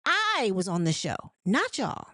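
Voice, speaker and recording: A woman's voice: mid-range voice, huge pitch swings, a little slow, pushed and bright, dry recording. A woman hosting a casual recap show, retelling the dialogue in a chatty, storytelling way with candid, opinionated asides. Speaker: host of a reality TV recap show.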